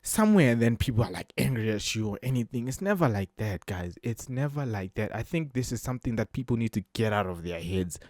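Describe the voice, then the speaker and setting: A man's voice: fairly low pitch, a little fast, hardly any pauses, a little mellow, dry recording, studio quality. A young South African man with a South African accent, chatting casually as he reacts to a video, repeating himself with many fillers. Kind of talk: casual commentary.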